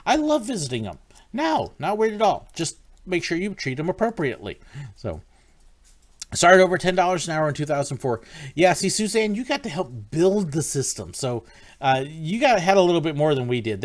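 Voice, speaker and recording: Chatty man, slightly high voice. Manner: rambling and chatty, with frequent ums and restarts; friendly, greets viewers by name. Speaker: livestream host answering viewer questions. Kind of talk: casual live-stream chat.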